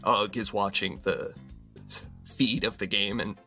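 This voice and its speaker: A man co-hosting a podcast, talking casually and haltingly with many fillers. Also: lowish voice, fairly even intonation, pushed and bright, faint music behind. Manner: hesitant, many fillers and restarts. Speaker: podcast co-host.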